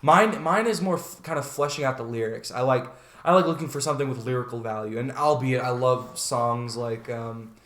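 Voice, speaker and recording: A man co-hosting a casual podcast. He talks in a relaxed, rambling way, restarts often and fills the gaps with "um" and "like". His voice sits at an ordinary pitch and echoes in a live room. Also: moderate pace. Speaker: podcast co-host. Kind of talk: casual chat.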